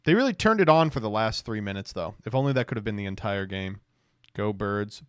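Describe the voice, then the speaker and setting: A man's voice: on the low side, lively intonation, fairly quick, a little hiss or hum. A man streaming, giving casual, mocking reaction commentary in a rambling way.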